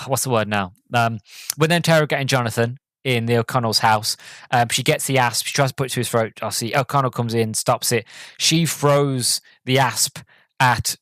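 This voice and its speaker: A man's voice: mid-range voice, fairly bright tone, no room sound. A man hosting a podcast, giving a casual, rambling movie review with lots of filler words and plenty of enthusiasm. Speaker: podcast host.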